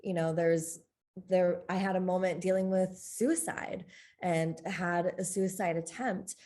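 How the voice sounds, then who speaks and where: A woman with a slightly low-pitched voice talks candidly as a guest in a conversational interview. She is open and expressive and laughs often as she shares. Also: measured pace. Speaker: podcast guest, coach.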